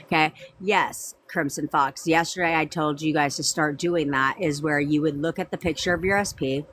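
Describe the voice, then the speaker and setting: A woman's voice: deep voice, fairly even intonation, moderate pace, a bit bright, a little hiss or hum. A woman coaching viewers on a live stream, chatting casually, answering them by name and repeating her points.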